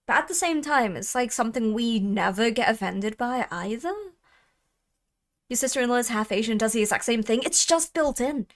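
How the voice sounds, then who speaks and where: A young woman of Thai heritage chatting casually on a livestream, talkative and quick to laugh. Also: on the high side, lively intonation. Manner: chatty, laughs often, trails off. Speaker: streamer.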